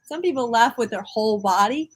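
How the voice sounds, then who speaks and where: A woman talking as a guest in a casual conversation, chatty and expressive and often laughing as she speaks. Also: fairly high pitch, moderate pace, low-quality recording.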